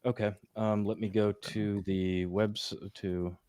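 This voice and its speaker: A man's voice: fairly low pitch, little pitch movement, takes it slowly, dark tone, clear, resonant tone, no room sound. A man hosting a podcast in casual chat, rambling along with plenty of fillers. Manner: chatty, rambling with many fillers. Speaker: podcast host.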